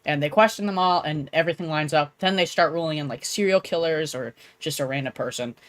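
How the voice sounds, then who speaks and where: A woman's voice: sits low, fast talker, dry recording. Rambling young woman streamer. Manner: rambling, trails off with "like". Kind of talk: casual let's-play commentary.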